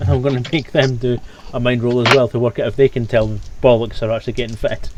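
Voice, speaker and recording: A man's voice: mid-range voice, quick pace, background noise. Man running a tabletop game. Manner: relaxed, hesitant, with fillers. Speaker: game master.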